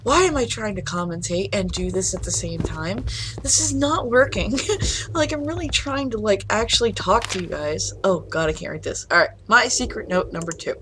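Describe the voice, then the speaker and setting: A woman's voice: medium pitch, animated, moderate pace, background noise. A woman commentating a horror game, jumpy and swearing when startled, rambling in chatty asides to her viewers. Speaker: gameplay video host.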